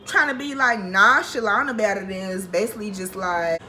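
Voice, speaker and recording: A young woman vlogger telling a storytime, animated, profane and venting. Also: mid-range voice, normal speed, hardly any pauses, a little hiss or hum, poor audio. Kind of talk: storytime vlog.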